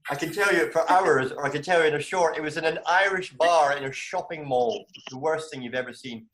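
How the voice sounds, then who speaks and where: A Scottish man chatting animatedly as a comedian guest on a video call, breaking into high exclamations. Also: brisk, a bit bright, echoey room, a little hiss or hum. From Scotland. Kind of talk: casual video call chat.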